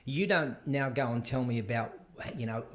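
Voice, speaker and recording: A man with a mid-range voice speaks as a guest in a relaxed conversation. He tells stories to make his point and follows them with probing questions. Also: mid-range voice, normal speed. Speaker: de-escalation coach, guest. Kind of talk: casual discussion.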